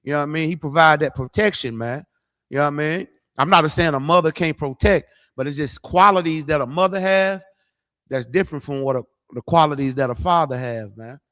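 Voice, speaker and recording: Middle-aged man, a slightly high voice, preaching bluntly and profanely to a livestream. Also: a little fast, bright, forceful tone. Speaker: street preacher.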